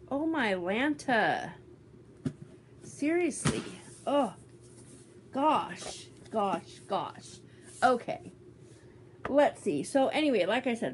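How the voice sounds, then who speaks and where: A woman's voice: fairly high pitch, a little hiss or hum. A woman vlogging casually as she unboxes a gift swap, bubbly and teasing as she exclaims over each item. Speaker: beauty vlogger.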